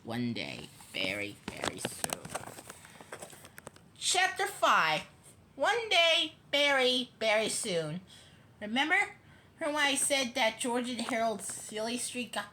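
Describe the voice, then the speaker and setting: Woman, storybook read-aloud, high-pitched, bouncy delivery. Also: slight background noise. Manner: expressive storytelling with small stumbles. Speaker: reader. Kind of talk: reading a children's book aloud.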